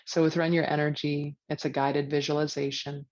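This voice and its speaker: A woman teaching yoga, leading a guided meditation in a relaxed, chatty way. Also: low voice, normal speed, hardly any pauses. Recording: dull lo-fi sound, dry.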